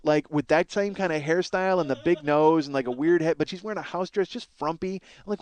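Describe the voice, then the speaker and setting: A man's voice: fairly high pitch, a little fast, a little mellow, smooth, dry recording. A man hosting a podcast, telling a long rambling story with lots of swearing and self-mockery. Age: 30s. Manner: rambling, profane, self-deprecating. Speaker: podcast host. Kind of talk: solo storytelling monologue.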